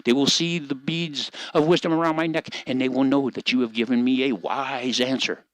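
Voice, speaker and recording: A man's voice: mid-range voice, steady tone, moderate pace, no echo, natural voice. An older man voicing an earnest, humble male dog healer, speaking eagerly in a raised voice. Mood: awed.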